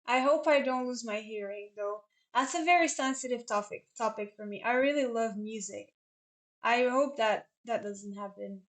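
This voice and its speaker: A woman's voice: on the high side, moderate pace. A young woman chatting casually on a live stream as a chess commentator, rambling and answering questions from chat.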